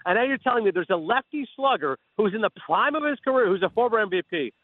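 Fast-talking man on a tinny phone line. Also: sits high, no echo. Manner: animated, acts out imagined dialogue. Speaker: phone-in sports analyst guest. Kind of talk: sports radio talk.

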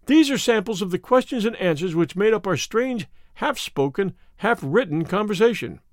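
A man narrating a classic story in the first person as an audiobook reader, in a measured and vivid way. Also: sits high, animated, dry recording, clean studio sound.

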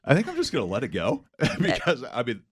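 A man hosting a morning show, telling a story in casual chat, animated, with frequent hesitations and restarts. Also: mid-range voice, fast talker, heavy background noise.

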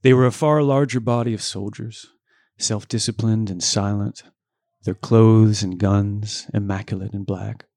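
A man with a lowish voice reads a novel aloud at a slightly slow pace, casually, in a dry recording. He gives the dialogue lively character voices and throws in joking asides.

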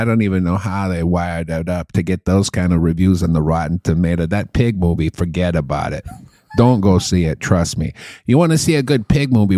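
A man's voice: deep voice, a little mellow, no room sound, clean studio sound. A man doing a blustering Boston movie critic. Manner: rambling, gushing then dismissive verdicts.

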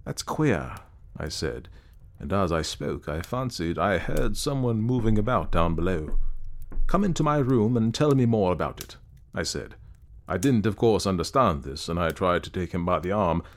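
Brief: male narrator, lowish voice, dry and self-assured reading of a story. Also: lively intonation, normal speed. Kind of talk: scripted narration.

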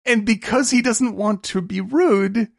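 A man co-hosting a podcast, animated and laughing often as he acts out scenes from films in quick impressions. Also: sits high, gravelly, no echo, clean studio sound. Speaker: podcast co-host. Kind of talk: casual film discussion.

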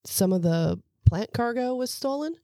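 A woman role-playing her character in a tabletop game, answering hesitantly and trying to bargain. Her voice is mid-pitched and mellow, with a dry, close sound. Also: lively intonation, normal speed, no room sound. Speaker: player.

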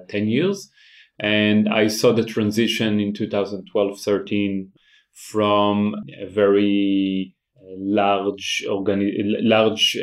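Low-voiced man explaining, halting. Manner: halting, repeats words, explanatory. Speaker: guest, AI company founder. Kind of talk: technical interview talk.

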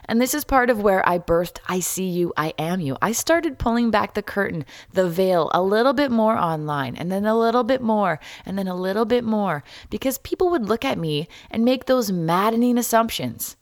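A woman hosting a solo podcast, talking candidly and wryly, jumping between loud jokes and quiet asides. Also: medium pitch, animated, moderate pace, hardly any pauses, no echo, clean studio sound. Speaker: podcast host.

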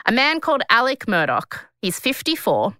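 Chatty Australian woman podcaster, bright tone. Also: on the high side, wildly swooping pitch, moderate pace, no echo, clean studio sound. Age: 30s. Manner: chatty, rambling, lots of filler words. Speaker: podcast host. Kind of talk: casual storytelling chat.

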